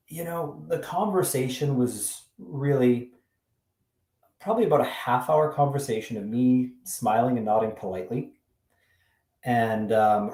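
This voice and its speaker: A man in real estate telling a dating story to camera, wry and animated with dry sarcastic asides. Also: medium pitch, recorded from a distance. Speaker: real estate agent sharing a tip-of-the-week video. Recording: roomy sound, mic set back.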